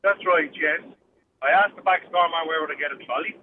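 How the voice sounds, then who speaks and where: A man's voice: a little high, brisk. A man on a phone call from a parked car, politely but anxiously denying an accusation. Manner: polite but flustered denials. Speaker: prank call target. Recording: tinny phone line with faint hiss.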